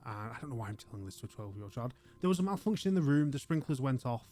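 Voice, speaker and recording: A man's voice: mid-range voice, racing, a little mellow, soft background music, lightly acted. A man voicing a perplexed adult ship's doctor who talks in a polite, hesitant, awkward way. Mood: clinical, lecturing.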